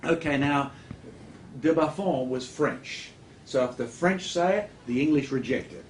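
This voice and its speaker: A man's voice: fairly high pitch, measured pace, a little hiss or hum. Lecturing man in a roomy studio. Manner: lecturing, animated storyteller with joking asides. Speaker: guest speaker. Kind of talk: studio talk show discussion.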